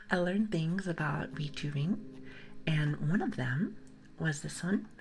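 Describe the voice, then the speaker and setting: A young woman with a low, soft voice rambles and giggles through a whispered ASMR stream on a close mic. She drifts between breathy whispers and quiet speech. Faint music plays underneath. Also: slow pace. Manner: chatty, giggly, rambling, greets viewers. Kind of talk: whispered ASMR livestream chat.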